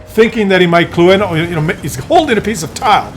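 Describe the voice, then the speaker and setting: A man vlogging, telling a comic story to camera in an exasperated, animated way with many restarts. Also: sits high, quick pace, a little hiss or hum.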